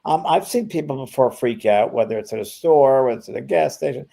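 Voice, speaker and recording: An older man talking casually as co-host of a spiritual show, with a gravelly edge to his mid-range voice. He is animated and slips into little acted-out dialogues as he goes. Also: mid-range voice, fast talker. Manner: animated, acts out quoted exchanges in lively voices. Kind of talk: casual conversational chat.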